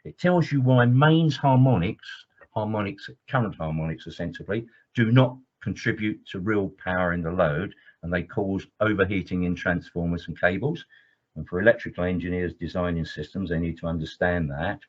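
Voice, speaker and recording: Low-voiced man giving an enthusiastic webinar lecture. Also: normal speed. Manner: enthusiastic, digressive, with many fillers. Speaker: trainer and EMC engineer. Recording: dull lo-fi webinar audio.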